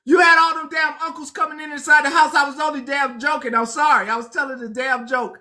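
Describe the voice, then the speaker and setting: A woman's voice: high-pitched, fairly even intonation, fast, sharp tone. A woman host, chatting live, laughing through her words, swearing and apologizing over and over. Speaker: online show host. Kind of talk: casual live-stream chat.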